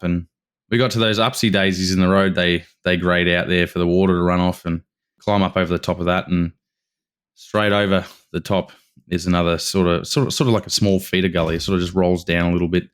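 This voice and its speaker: A man's voice: sits low, smooth. An Australian man, a podcast guest, telling a story in an eager, rambling way, with many restarts and casual asides.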